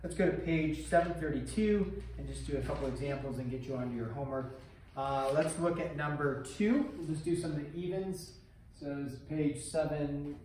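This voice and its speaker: A man's voice: fairly high pitch, normal speed, darkish tone, slight background noise. A man teaching math to a class in a casual, chatty way, telling a story between examples. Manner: chatty, storytelling, laughs easily. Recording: echoey classroom, distant mic.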